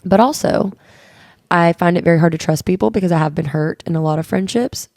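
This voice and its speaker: A woman co-hosting a podcast speaks in a fairly low, darkish voice at a brisk clip. In casual chat she tells stories candidly and earnestly, quoting the conversations she recounts. The studio-quality recording is dry.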